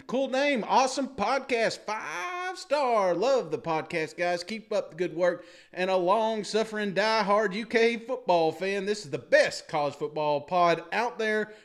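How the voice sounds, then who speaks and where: High-voiced man joking through listener reviews. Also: animated, a little slow, hardly any pauses. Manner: jokey, laughs often, mock-dramatic asides. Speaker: podcast co-host. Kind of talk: reading listener reviews aloud.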